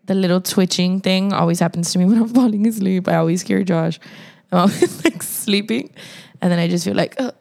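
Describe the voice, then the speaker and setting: A young woman with a lowish, gravelly voice chats casually with a friend. She tells stories animatedly, swearing and laughing as she goes. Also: fairly even intonation, fairly quick, a little mellow. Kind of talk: casual chat.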